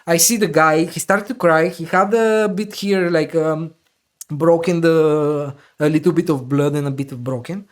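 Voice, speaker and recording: A man hosting a podcast, retelling a personal story in animated, loosely phrased English full of fillers. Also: fairly high pitch, normal speed. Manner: animated retelling with loose, non-native grammar and many fillers. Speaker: podcast host.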